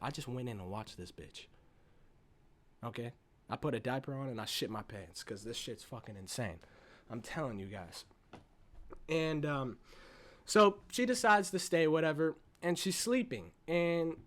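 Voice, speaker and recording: Excitable man raving about a movie. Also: fairly high pitch, normal speed. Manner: excited, profane, swings between loud and hushed. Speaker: movie reviewer. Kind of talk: casual movie review.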